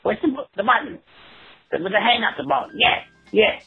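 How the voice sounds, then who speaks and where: A man's voice: high-pitched, normal speed, gravelly, breathy edge, voice pushed up, exaggerated voice. A man voicing a scatterbrained older woman who leaves a giddy, rambling phone message and can't work out how to hang up. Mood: confused. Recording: tinny phone line.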